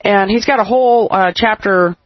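A woman co-hosting a radio talk show, rambling and halting with many fillers. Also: mid-range voice, no room sound. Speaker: radio co-host. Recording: muffled lo-fi radio sound.

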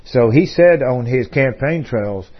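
A man's voice: mid-range voice, expressive, a little slow. Rambling talk-radio man, lo-fi sound. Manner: discursive, frequent fillers and restarts. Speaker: radio host.

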